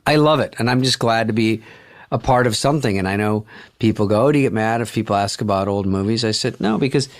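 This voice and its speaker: A man telling a story with dry, wry humor and casual swearing as a guest in a relaxed chat. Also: on the low side, fast talker.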